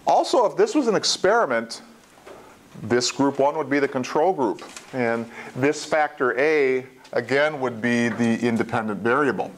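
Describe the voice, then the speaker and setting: A man teaching a college statistics class, explaining plainly, repeating key points and adding small asides. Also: mid-range voice. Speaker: statistics instructor. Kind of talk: classroom lecture.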